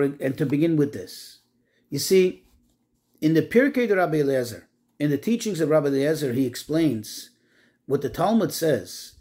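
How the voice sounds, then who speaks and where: A man giving a Torah class on the weekly portion, asking rhetorical questions and slowing down to stress Hebrew terms. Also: a little high, warm tone. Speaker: Torah teacher.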